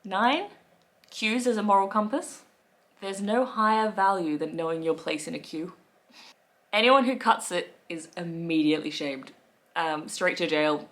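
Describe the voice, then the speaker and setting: A young Australian woman in casual chat to camera, playful and quick to laugh, acting out little quoted voices. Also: low-pitched, a bit bright. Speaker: vlogger.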